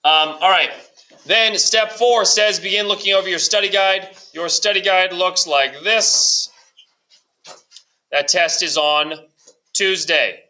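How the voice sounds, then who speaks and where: Teacher guy, bright punchy voice, rattling off class steps, bit jokey. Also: high-pitched, poor audio. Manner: brisk, step-by-step, lightly joking. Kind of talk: classroom instructions recorded for a substitute.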